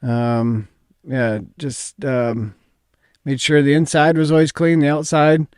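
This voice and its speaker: Modest, smooth-voiced Midwestern American man. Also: a little high, flat delivery, takes it slowly, darkish tone, no echo, studio quality. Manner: modest, hesitant, many ums. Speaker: company founder, interview guest. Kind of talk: casual interview talk.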